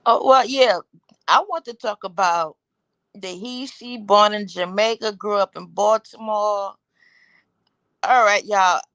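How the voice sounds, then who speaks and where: A woman's voice: mid-range voice, slow pace, fairly bright tone, no echo, lo-fi sound. A woman hosting a live talk show, rambling through her opinions and asking the audience one rhetorical question after another. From Caribbean. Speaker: host.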